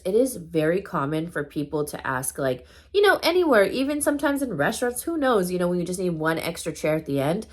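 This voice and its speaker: A woman's voice: lowish voice, very animated, normal speed. A woman vlogger telling a story time in casual chat, full of fillers and loose swearing.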